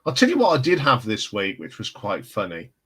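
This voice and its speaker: A man's voice: lowish voice, huge pitch swings, fairly quick, pushed and bright, husky, rough recording. A man hosting a casual live stream, chatting and telling rambling stories. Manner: rambling, chatty storyteller with restarts. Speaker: livestream host.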